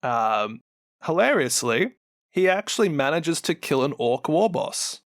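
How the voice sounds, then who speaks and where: Unhurried man telling game lore. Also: fairly high pitch, no echo, clean studio sound. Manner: animated storyteller, laughs often. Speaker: podcast co-host. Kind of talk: casual lore chat.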